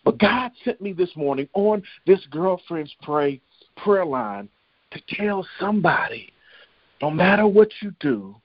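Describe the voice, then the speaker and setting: A man's voice: high voice, lively intonation, a little slow, vocal fry, no echo, highs cut off. A man preaching on a prayer line, telling a story and building in rhythmic, repetitive cadences. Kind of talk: sermon with storytelling.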